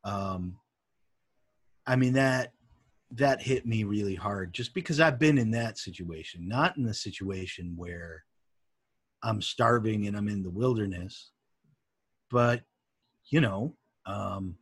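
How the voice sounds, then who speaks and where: Man, podcast co-host, earnest, halting, dry close sound. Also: on the low side, slightly rough, dry recording. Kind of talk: casual podcast chat.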